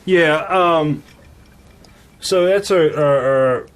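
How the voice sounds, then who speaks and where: A man's voice: a little high, drawn-out words, slight background noise. A man co-hosting a podcast in casual chat, laid-back and profane. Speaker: podcast co-host.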